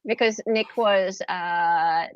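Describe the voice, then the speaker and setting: A woman's voice: mid-range voice, smooth, no room sound. Brief: Australian woman, live-stream co-host, chatty, laughs a lot, dull dry lo-fi sound. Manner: chatty, laughs often, halting restarts. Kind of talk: casual live-stream chat.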